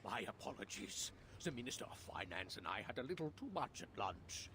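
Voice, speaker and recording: A man's voice: fairly low pitch, very animated, a little fast, background noise. An actor with a British accent playing a smug, glib male city official in a game cutscene, self-satisfied and condescending, over game audio with an ambient bed behind him. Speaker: head of a city branch office.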